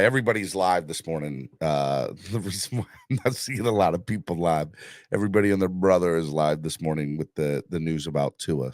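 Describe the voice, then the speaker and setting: Low-voiced hyped man hosting a livestream. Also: dry recording, clean studio sound. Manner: hyped, pushes viewers for likes and donations; rambling with many fillers. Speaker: livestream host. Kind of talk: casual live-stream sports chat.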